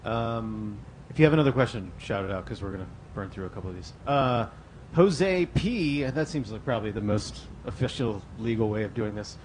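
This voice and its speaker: A man's voice: lowish voice, animated, moderate pace, few pauses, a little mellow, a little hiss or hum. A man hosting a convention panel in a loose, chatty way, reading out fan questions. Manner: loose, chatty, lots of fillers. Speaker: panel host. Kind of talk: casual panel moderation.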